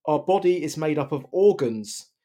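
A man's voice: fairly high pitch, lively intonation, normal speed, mellow. Earnest man explaining wordplay. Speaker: guest author. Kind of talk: podcast conversation.

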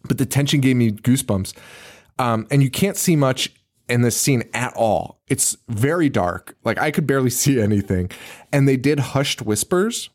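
A man co-hosting a podcast, talking in a casual, animated way. His pitch swoops widely as he acts out quotes, swears freely and laughs often. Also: normal speed. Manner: animated, profane, laughing retellings with acted-out quotes. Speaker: podcast co-host. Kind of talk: casual chat.

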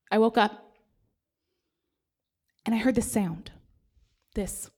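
A woman's voice: sits high, steady tone, measured pace, pauses often, crowd noise. A woman telling a candid, self-mocking personal story live, with laughing asides.

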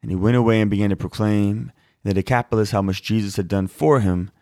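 In a clean studio with no echo, a man in his thirties with a lowish, mellow voice speaks quickly. He reads Scripture aloud, then explains it in a chatty, informal way to answer a viewer's question, dropping fillers like "like" and "y'all."

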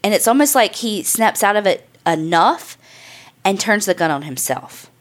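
A woman's voice: medium pitch, expressive, normal speed. A woman hosting a podcast, telling a true crime story in a casual, chatty way, loose and profane with lots of "like" and "I mean". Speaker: podcast host.

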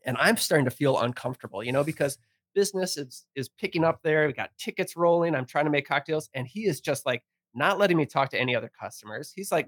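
Animated man telling a bar story. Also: fairly high pitch, quick pace, no room sound. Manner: animated storyteller, acts out quotes, laughs often. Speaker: guest bartender. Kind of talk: casual storytelling.

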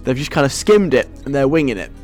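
Casting a joking, chatty man as a radio host, mid-pitched, faint music underneath. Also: big pitch swings, quick pace, darkish tone. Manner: playful, rambling, chuckling. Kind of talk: casual radio chat.

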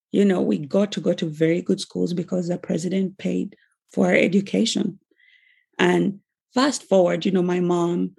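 A woman's voice: fairly low pitch, creaky, a little mellow, breathy edge. A middle-aged woman with a Ugandan accent, earnestly telling her life story as a personal testimony and acting out the dialogue she quotes. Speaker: speaker giving a personal testimony.

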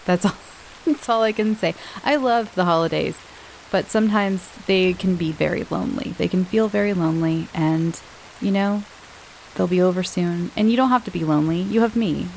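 A woman hosting her own podcast, chatting casually and warmly to her listeners with fillers and little laughs. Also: fairly low pitch, moderate pace, gravelly, a little hiss or hum, poor audio. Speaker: podcast host. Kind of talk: casual chat.

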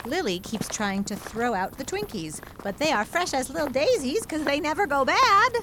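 A playful, easygoing mother in an audio drama, played by a woman. She teases and soothes in a lively voice that sits a little high. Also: normal speed, slight background noise, heavily acted. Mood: motherly. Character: playful mother of a grown daughter.

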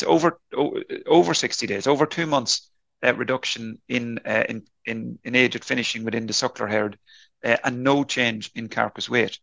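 A man answering interview questions on a podcast, explaining at length in a halting way with frequent restarts and fillers. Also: mid-range voice, vocal fry, bright, forceful tone, no room sound. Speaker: beef enterprise leader answering interview questions.

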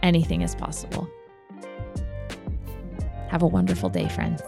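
A podcast host in her twenties tells a personal story openly and earnestly, growing emotional at times, while music plays in the background. Her low voice swings widely in pitch, with vocal fry, at a moderate pace.

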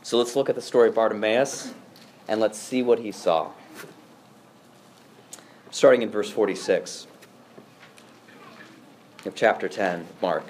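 A man preaching a sermon as pastor, earnest, swinging between quiet hushed passages and raised, emphatic lines. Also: lowish voice, measured pace, long pauses, a little hiss or hum. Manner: earnest preaching, dropping to a hush and rising with emphasis.

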